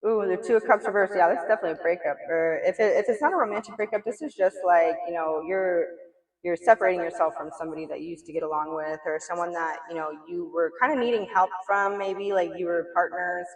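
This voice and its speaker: Casual tarot reader, blunt and chatty, heavy "like" filler, mid-pitched voice, distant and roomy sound. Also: quick pace. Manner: blunt, chatty, swears, lots of "like" and "you know". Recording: echoey room, mic far off.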